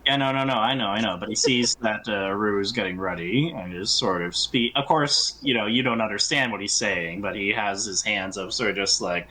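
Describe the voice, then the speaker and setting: A man's voice: fairly low pitch, brisk, few pauses, sharp tone, slight background noise, low-quality recording. A man acting as game master, narrating a tabletop game in a laid-back, hedging way.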